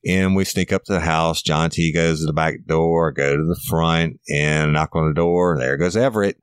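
A middle-aged former police officer tells a story in a blunt, folksy, cussing way. His voice sits extremely low. The sound is dry and close, with no room around it. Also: fairly even intonation, normal speed, clean tone, no room sound. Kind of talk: true crime storytelling podcast.

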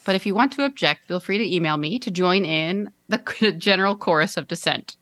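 Woman podcast host reading a fan email, bright lowish voice, dry close sound, keeps chuckling. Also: brisk, no room sound. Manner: amused, laughs between phrases while reading. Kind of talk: casual podcast chat, reading a listener email aloud.

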